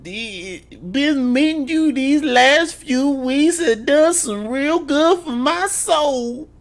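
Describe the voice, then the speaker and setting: Brief: man doing a devout older mother, high and slow, sing-song. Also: animated, full character voice. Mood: tender. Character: pious older mother, slow and sweetly earnest.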